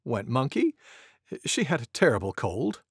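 A man voicing a friendly male goose who reads a picture book aloud to toddlers, expressive and sing-song with lots of sound effects. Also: medium pitch, moderate pace, vocal fry, husky, dry recording, studio quality, heavily acted. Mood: cheerful. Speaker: children's storyteller.

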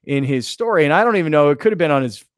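A man hosting a sports talk radio show, telling a story with excitement and acting out what others said. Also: a little high, racing, no echo, clean studio sound. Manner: excited storytelling, acts out quoted lines. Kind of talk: casual show banter.

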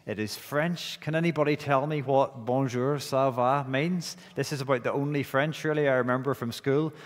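A Northern Irish man leads a church service, praying and then speaking to the children, and he often repeats a phrase's first words before going on. His voice sits at an ordinary middle pitch. A long reverb trails after him through the church. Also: steady tone, moderate pace. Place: church sanctuary.

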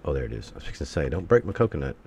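A man's voice: a bass voice, sing-song, racing, darkish tone, a little hiss or hum. A man giving let's-play commentary, talking to himself and bursting into exasperated curses.

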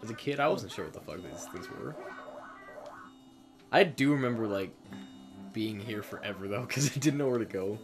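A man's voice: on the low side, expressive, moderate pace, pauses often. A young man co-hosting a let's play, joking crudely and cursing freely over game music. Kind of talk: casual gaming banter. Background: video game music.

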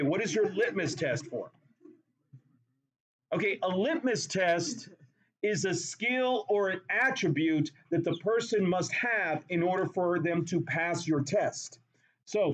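A man's voice: high voice, unhurried. A man teaching a chemistry class in a classroom, talking playfully and repeating words for emphasis. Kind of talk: classroom lecture.

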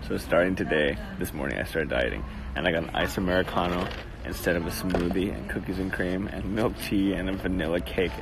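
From a cafe, a man with a low voice hosts a casual livestream on his phone, talking a little fast as he rambles, jokes, and greets viewers. The audio is noisy, typical of a phone livestream.

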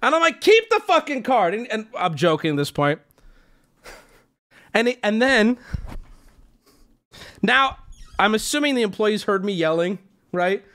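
A young adult man streaming, telling a story to his chat in a casual, swearing way, jumping into high yelps when he quotes himself. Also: animated, unhurried, pauses often, a bit bright.

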